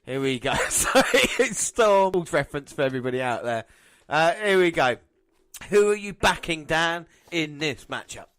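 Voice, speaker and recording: A man co-hosting a podcast, giving excitable, teasing play-by-play commentary on wrestling and laughing often. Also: on the high side, normal speed, clean tone, no echo. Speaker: podcast co-host. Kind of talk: casual wrestling watch-along commentary.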